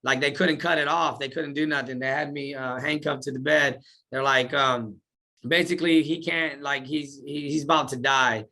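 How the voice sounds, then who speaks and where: A man's voice: medium pitch, normal speed. A man recounting his life story in a casual interview, talking in slang and acting out what he said back then. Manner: animated, slangy, acts out his own past words.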